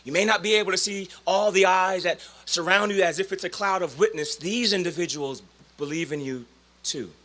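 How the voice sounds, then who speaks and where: Animated man giving a commencement speech. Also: high voice, moderate pace. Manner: dramatic, swinging from loud to hushed, storytelling. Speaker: commencement speaker.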